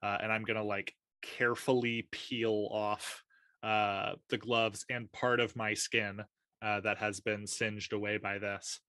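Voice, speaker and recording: A man's voice: on the low side, flat delivery, a little slow, bright, forceful tone, no room sound, clean studio sound. A man playing a tabletop game as host, talking casually with many fillers and easy laughter. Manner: filler-heavy, laughing easily. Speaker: host and player.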